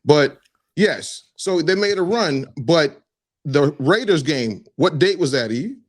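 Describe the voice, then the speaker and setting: Opinionated man, slightly high voice. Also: slow. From Boston area. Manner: opinionated, excitable, heavy use of "like". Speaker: podcast co-host. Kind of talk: casual sports chat.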